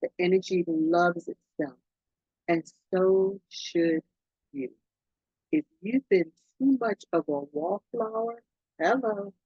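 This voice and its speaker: An excitable woman reads oracle cards for her podcast, gushing over each message. Her voice is husky and breathy, and it swoops up and down as she goes. The recording is dry and a bit dull. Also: slow pace, dry recording. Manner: effusive, excitable, swoops up and down in pitch. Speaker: podcast host, oracle card reader. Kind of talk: casual spiritual card reading.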